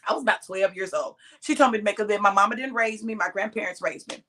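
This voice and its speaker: Emphatic, sharp-voiced woman preacher. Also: medium pitch. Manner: preaching directly to listeners, sharp and emphatic, slow drawn-out stresses. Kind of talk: sermon-style exhortation.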